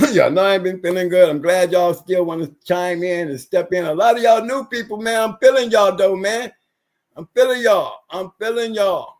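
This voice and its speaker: A man with a notably high voice holds forth on a livestream. He rants emphatically, often circling back and repeating his points. He has been unwell lately. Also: a little fast. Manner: ranting, repetitive, emphatic. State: recovering from illness. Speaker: livestream guest. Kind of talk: casual livestream rant.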